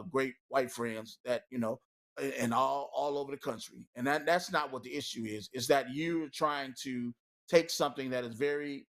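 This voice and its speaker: A man's voice: medium pitch, fairly bright tone. An angry man holds forth on a talk panel, his voice sitting in an ordinary middle register. He talks with heated emphasis and keeps filling gaps with "you know.". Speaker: co-host.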